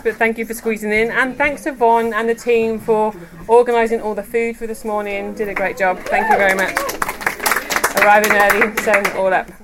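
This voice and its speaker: A woman giving a devotional talk to a women's group, chatty and quick to laugh as she tells personal stories. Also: a little high, noisy background. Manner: chatty, laughs often while telling stories. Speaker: women's ministry speaker. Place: room with a gathered group.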